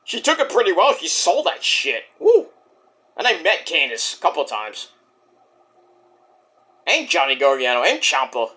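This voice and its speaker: An excitable man recaps a wrestling show in a loose, swearing vlog style. His high, bright voice jumps all over the place, and he breaks into sudden yelled exclamations. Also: normal speed, long pauses. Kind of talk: casual review vlog.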